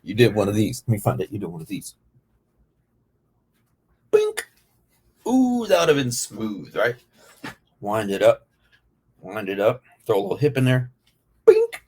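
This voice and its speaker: A man hosting a reaction video, talking in a slow, playful, slangy way. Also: fairly low pitch, sing-song, darkish tone, breathy edge. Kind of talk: casual reaction commentary.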